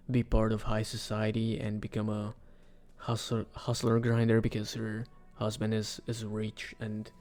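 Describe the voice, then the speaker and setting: A man giving casual, rambling commentary for a video, with sudden excited outbursts. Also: fairly low pitch. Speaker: video creator. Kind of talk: casual commentary ranking game characters.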